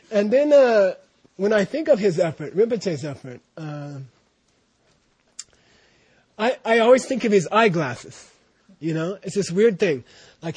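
A man with a high, husky voice tells a loose, meandering story in casual talk, his phrases circling back on themselves. The sound is close and dry, with no room around it. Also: a little mellow, no room sound. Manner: rambling, full of "you know" and restarts, laughing at times. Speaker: student recounting memories of his teacher.

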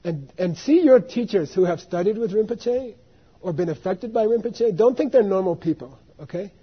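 Husky high-voiced man telling a rambling story. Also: animated, moderate pace, muffled recording. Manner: rambling, full of "you know" and "you see what I mean". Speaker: dharma teacher. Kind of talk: storytelling talk to students.

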